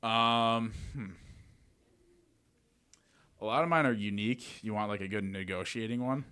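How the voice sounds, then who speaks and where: A man talking as a podcast guest, telling lively anecdotes in a casual way and acting out what everyone said. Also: fairly low pitch, unhurried, clean tone. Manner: animated, retells scenes with "I'm like". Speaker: podcast guest, real estate wholesaler. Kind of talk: casual storytelling.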